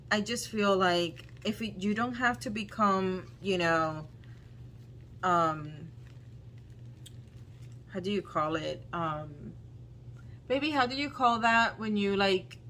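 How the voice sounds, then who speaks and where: A woman vlogger doing casual unboxing commentary, talking in a halting, dismayed way with frequent ums. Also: lowish voice, a bit bright, slight background noise. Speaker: plant vlogger.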